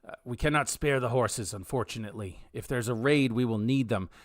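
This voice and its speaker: A man's voice: mid-range voice, fairly quick, no echo, studio quality, close to an everyday voice. A man voicing a stern military commander who bluntly refuses a request. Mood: curt.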